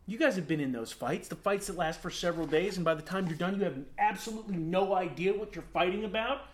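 A man in his thirties preaching a sermon as pastor, telling stories with animated, acted-out outbursts. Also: high-pitched, fast. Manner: animated storytelling, acts out his own rants.

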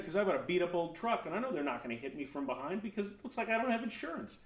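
Male pastor, high voice, animated storytelling sermon, acts out his own rants. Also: rapid-fire.

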